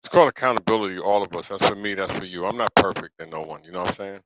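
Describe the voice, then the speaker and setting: In a very noisy recording, a middle-aged man with a deep voice and a New York accent talks very fast as he hosts a live talk show. His casual livestream monologue turns preachy toward viewers, and he keeps asking "you know what I'm saying?"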